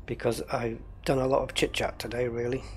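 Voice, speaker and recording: Gravelly-voiced man chatting on a livestream. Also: medium pitch, flat delivery, a little fast, a little hiss or hum. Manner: rambling, thinking aloud while troubleshooting. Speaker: gaming livestreamer. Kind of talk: casual livestream chat.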